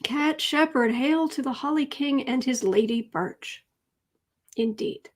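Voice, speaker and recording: A woman's voice: high voice, slow. A middle-aged woman hosting a livestream, chatting casually and rambling as she greets viewers by name. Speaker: tarot reading livestream host.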